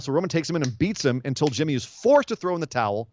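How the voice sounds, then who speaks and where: A man hosting a wrestling podcast, giving an animated, casual recap and acting out quotes as he tells it. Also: on the high side, fast talker, muffled recording, slight background noise.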